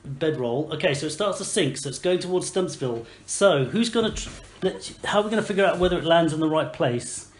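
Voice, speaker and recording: A woman's voice: low voice, expressive, a little fast. A woman running a tabletop game for children, asking patient, coaxing questions. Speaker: game master. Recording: echoey room, faint noise.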